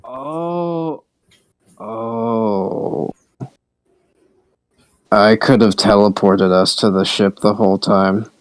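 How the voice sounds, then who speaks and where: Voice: mid-range voice, animated, takes it slowly, few pauses, husky. A game master voicing a flustered, cowering robot guy. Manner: pleading, flustered. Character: panicky young male reploid, easily cowed.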